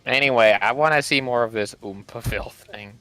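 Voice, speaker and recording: Brief: male co-host, bright tone, hesitant and stop-start, casual chat. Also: mid-range voice, normal speed. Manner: hesitant, short reactions, restarts. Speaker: stream co-host. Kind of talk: casual commentary stream chat.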